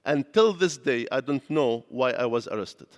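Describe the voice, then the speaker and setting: At a normal speed and with an expressive, medium-pitched voice, a pastor lectures in a reverberant church. His sermon is a personal testimony told earnestly in non-native grammar, with long hall reverb throughout.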